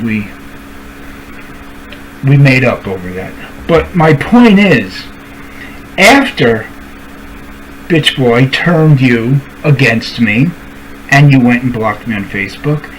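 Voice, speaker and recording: A man's voice: medium pitch, very animated, slow pace, long pauses, a little hiss or hum, poor audio. A streamer ranting to camera, calling out people by name and repeating his points for emphasis. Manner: confrontational, addresses people directly by name. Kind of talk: angry rant to camera.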